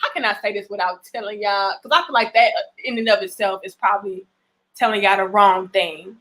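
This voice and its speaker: A woman's voice: mid-range voice, steady tone, brisk, a bit bright. A woman in giving blunt, emphatic relationship advice in a casual vlog, swearing freely and often restarting her phrases. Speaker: relationship vlogger. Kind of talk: casual direct-to-camera advice.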